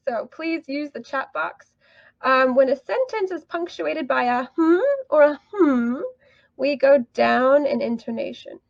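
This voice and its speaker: High, gravelly-edged woman teacher, upbeat and encouraging, dry dull recording. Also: dry recording. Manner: upbeat, encouraging, laughs often. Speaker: English teacher. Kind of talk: online teaching tutorial.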